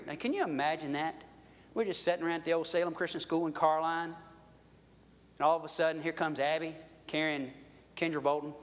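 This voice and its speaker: A man with a high-pitched voice delivers a sermon in a folksy, chatty style and keeps asking his listeners questions. His voice rings out with the long reverb of a large hall. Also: brisk, a bit bright. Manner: folksy, conversational preaching with rhetorical questions. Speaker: pastor.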